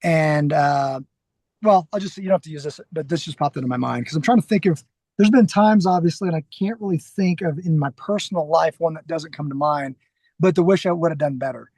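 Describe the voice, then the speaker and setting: A middle-aged man with a high, gravelly voice tells stories animatedly as a podcast guest. He acts out what people said and keeps restarting sentences. The sound is dry and close, with no room echo. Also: a little fast. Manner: animated, acts out quoted lines, frequent restarts. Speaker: podcast guest, security trainer. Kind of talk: casual interview storytelling.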